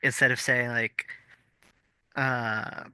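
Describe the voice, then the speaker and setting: A man's voice: mid-range voice, little pitch movement, slow, pushed and bright, clean tone, no echo. A man co-hosting a casual podcast, explaining things thoughtfully with fillers and restarts. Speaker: podcast co-host. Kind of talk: casual chat.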